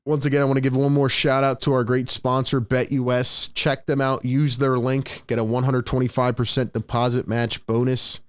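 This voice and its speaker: Young male stream host calling plays live; smooth, clear, dry close-mic sound, rises on big plays. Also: mid-range voice, little pitch movement, no room sound. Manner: reads chat aloud, rapid play calls, rises on big plays. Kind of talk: casual live play-by-play commentary.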